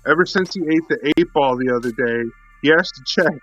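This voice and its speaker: A man's voice: fairly high pitch, fairly quick, a bit bright, faint music behind, poor audio. Profane man telling a joke. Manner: profane, rambling storyteller. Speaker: co-host.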